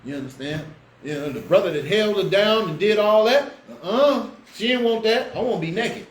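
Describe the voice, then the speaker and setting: A man preaching a street-style Bible class, fiery and slangy, swinging between loud outbursts and low asides. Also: lively intonation, moderate pace. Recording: echoey room with faint background noise.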